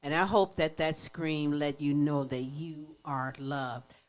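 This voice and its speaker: A woman's voice: sits low, fairly even intonation, slow pace, soft background music. A woman hosting a talk show, answering her guest in an affirming, empathetic way. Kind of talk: interview.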